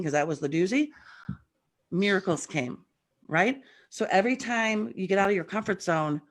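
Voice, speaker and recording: In a relaxed chat over video, a woman serving as a guest medium tells lively, talkative stories. Her voice is lowish and slightly rough, as it often is in the morning.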